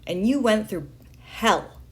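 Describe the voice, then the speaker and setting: A woman reading a letter aloud in a slow, deliberate way, pausing between phrases. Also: medium pitch, expressive. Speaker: reader of a letter.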